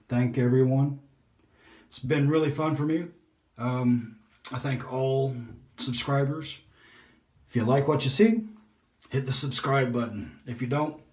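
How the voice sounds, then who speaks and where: Male shave-vlog host, laid-back rambling self-talk, mid pitch, echoey bathroom sound. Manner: relaxed, rambling, self-talk while shaving. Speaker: shaving video host. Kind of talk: casual shaving vlog chat. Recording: echoey room.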